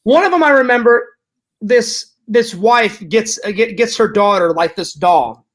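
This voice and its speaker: A man chatting casually on a podcast, telling stories in a rambling, halting way full of fillers. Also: sits high, lively intonation, fairly bright tone. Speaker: podcast co-host. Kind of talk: casual chat.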